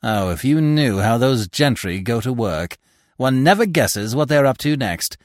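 A man's voice: mid-range voice, expressive, measured pace, no echo, studio quality, natural voice. A man voicing a brusque police inspector who grumbles and complains irritably. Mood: grumbling.

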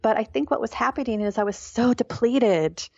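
A woman's voice: a little high, expressive, moderate pace, creaky, a little mellow, no echo, muffled recording. A middle-aged woman, a guest, telling her story in an earnest, reflective way during an interview. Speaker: guest, author. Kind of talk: interview conversation.

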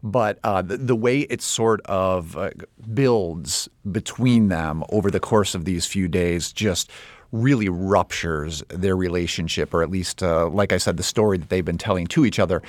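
A man co-hosting a film podcast, speaking thoughtfully and a little haltingly as he discusses a movie. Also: low-pitched, dry recording. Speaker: podcast co-host.

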